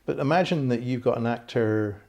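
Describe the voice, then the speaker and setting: A man's voice: medium pitch, fairly quick, creaky, a little mellow. A man hosting a casual interview, asking long, hesitant questions full of restarts. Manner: hesitant, many fillers and restarts. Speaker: interviewer and film director.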